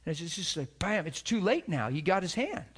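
A man's voice: high-pitched, very animated, brisk, breathy edge. A man gives an earnest, folksy sermon with a slightly raised voice. He tells a story and acts out the lines of each person in it, calling his listeners guys. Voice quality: conversational, acts out both sides of dialogue. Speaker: preacher.

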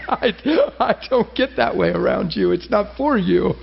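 A man preaching a sermon, telling a personal story and acting out the dialogue with lively feeling. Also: high-pitched, normal speed, vocal fry. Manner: animated, acts out dialogue, laughs and cries while telling. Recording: muffled lo-fi recording with faint hiss.

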